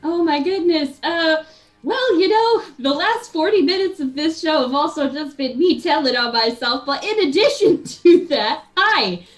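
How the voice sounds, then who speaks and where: A woman guest on a live talk stream, chatting in an excitable, rambling way and laughing often. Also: high voice, measured pace, low-quality recording. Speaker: guest, game developer and streamer. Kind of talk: casual chat.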